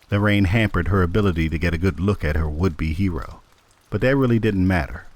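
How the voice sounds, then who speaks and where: A man narrating an audiobook in a measured, steady storytelling manner. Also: sits low, dry recording. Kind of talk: scripted narration.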